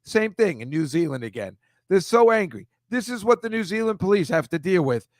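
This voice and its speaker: A man hosting a comedy show, talking casually and exasperated over a series of pictures, ranting with quick asides. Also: high voice, very animated, no echo, clean studio sound.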